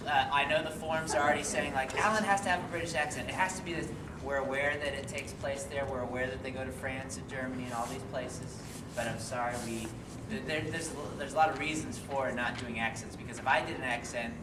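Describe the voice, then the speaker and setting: A man's voice: mid-range voice, level tone, brisk. A man, a voice actor and director, chatting through a panel Q&A with fillers and laughs. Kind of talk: casual panel Q&A. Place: convention panel room. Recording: echoey hall from far off, noisy.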